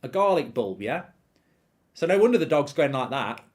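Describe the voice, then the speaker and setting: A man's voice: mid-range voice, big pitch swings, moderate pace, a little mellow. A man hosting a live football watchalong, ranting animatedly and swearing freely while telling an anecdote. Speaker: host.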